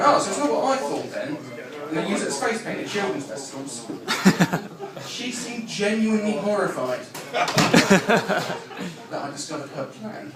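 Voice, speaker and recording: High, lively stand-up comic. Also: male voice. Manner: deadpan one-liners, brash and crude. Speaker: stand-up comedian. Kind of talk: live stand-up routine. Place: comedy club stage. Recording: echoey live room from far off, audience laughter. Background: audience laughing.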